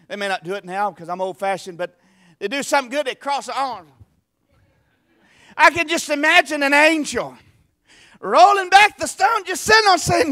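A male pastor preaching an Easter sermon in a church, fervent and emphatic, swinging from quiet asides to shouted exclamations. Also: very high voice, animated, moderate pace. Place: church sanctuary.

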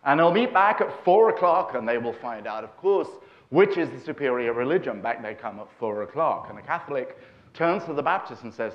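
A man's voice: mid-range voice, animated, fairly quick, lo-fi sound. A man telling jokes on stage in a droll manner with wry asides. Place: festival stage.

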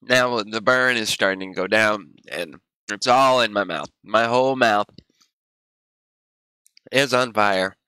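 A man's voice: on the low side, slow pace, long pauses, pushed and bright, smooth, dry recording. A man livestreaming casually, rambling and groaning in pain with teary eyes and a running nose. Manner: rambling, groaning and gasping from spicy heat. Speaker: streamer.

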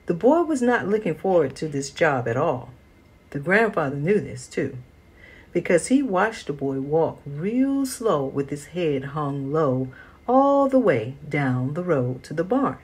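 Slow, expressive woman storyteller. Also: low-pitched, slightly rough. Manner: slow, expressive read-aloud. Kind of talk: children's storybook reading.

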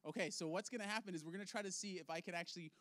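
A man's voice: high-pitched, racing, a bit bright, no room sound. A man leading an object lesson for kids in a children's ministry, upbeat and playful, laughing often.

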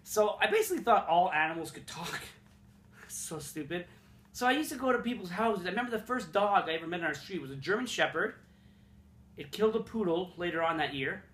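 A man's voice: high-pitched, lively intonation, brisk, a bit bright. Profane rambling young man, echoey room. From Montreal, Canada. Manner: rambling, profane, self-mocking. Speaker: vlogger. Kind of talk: casual storytelling vlog. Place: room in his apartment.

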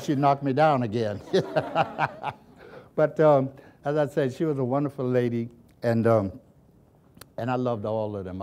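Older man, interviewee, folksy storytelling, frequent chuckles, lively telling. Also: mid-range voice, a little hiss or hum. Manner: chuckles often while recounting, folksy and lively. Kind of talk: storytelling reminiscence.

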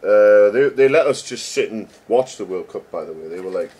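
A man's voice: on the low side, lively intonation, normal speed, mellow, husky. A middle-aged man, a game developer chatting casually and joking as he reads code names aloud. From England. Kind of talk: casual commentary while reading code.

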